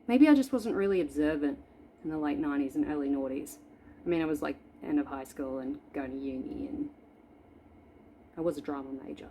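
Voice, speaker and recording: A woman's voice: deep voice, moderate pace, dark tone, slight background noise. A woman in her forties chatting through a makeup tutorial at home, playful and self-deprecating. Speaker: makeup vlogger. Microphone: camera in front of her.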